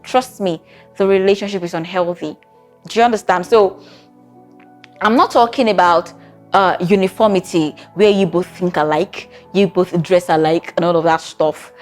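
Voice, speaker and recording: A therapist gives relationship advice to camera in a conversational style, frequently checking in with the listener through rhetorical questions. Her lowish, darkish voice moves at a moderate pace over soft background music.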